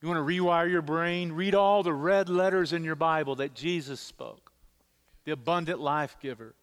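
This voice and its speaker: Middle-aged pastor guy preaching, kinda high voice, lively storytelling, big echoey church hall. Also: moderate pace, smooth. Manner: animated storytelling, repeats words when emphasizing. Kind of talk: sermon.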